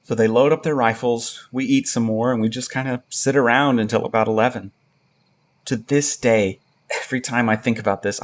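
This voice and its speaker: A man reading a first-person horror story aloud in a steady storytelling tone. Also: medium pitch. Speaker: narrator. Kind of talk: scripted narration of a horror story.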